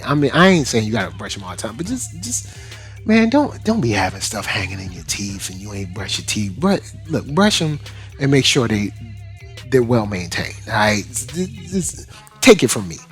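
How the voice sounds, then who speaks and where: A man hosting an anime review show in casual, slangy commentary, animated and laughing often. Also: medium pitch, normal speed, faint music behind.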